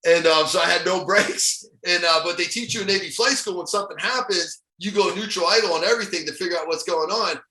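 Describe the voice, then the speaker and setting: A middle-aged man from Ohio, a motivational speaker guesting on a podcast, telling stories in an animated, casual way with frequent chuckles. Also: high voice, fast, few pauses. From Ohio, USA. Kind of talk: casual storytelling interview. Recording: echoey room.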